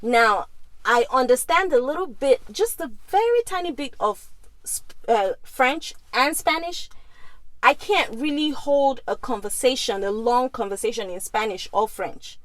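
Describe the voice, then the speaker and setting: A chatty woman vlogger in her thirties from Nigeria, with Igbo as another language she speaks. Her voice sits a little high, and the recording is dry and close with no room sound. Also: lively intonation, measured pace, a bit bright, no room sound, poor audio. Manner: chatty, often asks okay?. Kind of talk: casual talk to camera.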